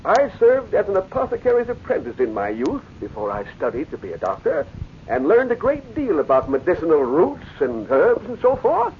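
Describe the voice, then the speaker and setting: A blustering medicine-show doctor. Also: male voice, high voice, wildly swooping pitch, moderate pace, a little hiss or hum, exaggerated voice. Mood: earnest. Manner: pompous salesman patter, flustered and stammering. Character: smooth-talking traveling medicine-show doctor, middle-aged man. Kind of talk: 1940s radio drama acting. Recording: muffled old radio recording.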